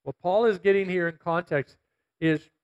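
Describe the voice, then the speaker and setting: A man's voice: high-pitched, normal speed, smooth, lo-fi sound. Man preaching a conversational sermon. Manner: conversational preaching with storytelling and quoted asides. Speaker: pastor.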